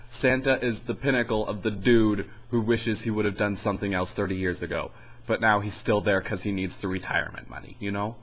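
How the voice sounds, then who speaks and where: A man's voice: lowish voice, expressive, normal speed, fairly bright tone, rough recording. A young man giving a rambling, sarcastic comedy review in casual chat. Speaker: video reviewer.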